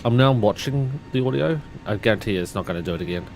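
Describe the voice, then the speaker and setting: A man's voice: mid-range voice, fast, a little hiss or hum. A man in his thirties chatting on a live stream, telling a story with lots of laughter and swearing. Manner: laughs a lot, swears freely, animated storyteller.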